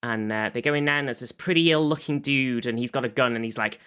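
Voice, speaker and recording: A man's voice: mid-range voice, fast, a bit bright, smooth. A man co-hosting a podcast, rambling through a plot recap in casual chat with lots of fillers and some swearing. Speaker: podcast co-host recapping an episode.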